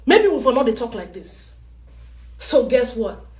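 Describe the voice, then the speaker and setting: A woman with a Nigerian accent delivering an angry, forceful rant in a live video. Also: fairly high pitch, big pitch swings, a little slow, echoey room. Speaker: actress ranting in a live video.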